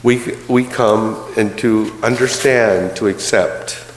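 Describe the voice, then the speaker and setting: A man's voice: lowish voice, steady tone, takes it slowly, slight background noise. A male minister giving a sermon in a conversational, storytelling way with light humor. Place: church. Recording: roomy church hall reverb.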